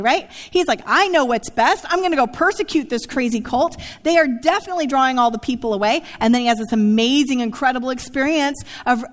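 High-voiced woman preaching in a hall. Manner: conversational preaching, frequent "right?" asides. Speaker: pastor. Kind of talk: sermon.

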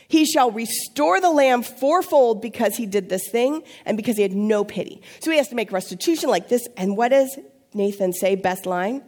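A woman pastor, preaching a sermon with lively storytelling, playful asides and acted-out voices. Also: high voice.

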